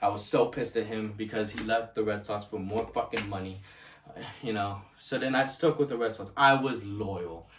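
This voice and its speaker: A man in his early twenties, swearing constantly as he rants casually about sports loyalty and gets loud and heated. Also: lowish voice, fairly even intonation, normal speed, far from the mic, background noise. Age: 20s. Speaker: vlogger. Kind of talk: casual ranting monologue. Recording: echoey room, voice off-mic.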